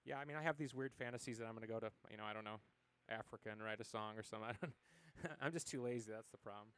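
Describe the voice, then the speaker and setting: A man's voice: on the low side, very fast, a bit bright, clean tone. A man in his forties from the United States, a musician telling stories as an interview guest, rambling with many fillers and acted quotes. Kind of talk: casual interview conversation.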